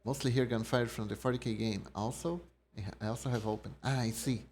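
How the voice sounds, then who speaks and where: A man's voice: medium pitch, steady tone, fast talker, darkish tone, slight background noise. A man live-streaming a card game, reading card text aloud and chatting casually with his viewers. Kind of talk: casual live-stream chat while gaming.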